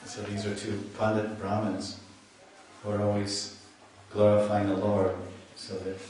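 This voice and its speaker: A man's voice: on the low side, monotone, a little slow, a little mellow. A man giving a scripture lecture as a swami, chatty and storytelling, often restarting his sentences. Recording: echoey hall, mic at a distance.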